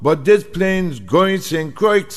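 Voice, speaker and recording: A man's voice: high voice, lively intonation, takes it slowly. Man doing a polite, proper seaplane man, plainly puzzled, hall reverb. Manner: formal and polite.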